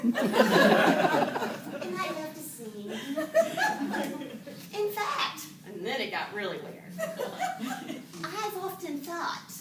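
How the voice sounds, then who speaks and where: Lively high-voiced woman telling jokes. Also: extremely slow, pauses often, over a noisy crowd. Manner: animated storytelling with frequent laughter. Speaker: Toastmasters speaker. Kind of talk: humorous speech to a club audience. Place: meeting room with live audience. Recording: echoey room from far off, audible room noise.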